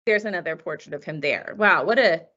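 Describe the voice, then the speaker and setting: Lively, bright-voiced woman teacher. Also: fairly low pitch, brisk, lo-fi sound. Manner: chatty, asks rhetorical questions. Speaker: history teacher. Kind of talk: lecture over slides.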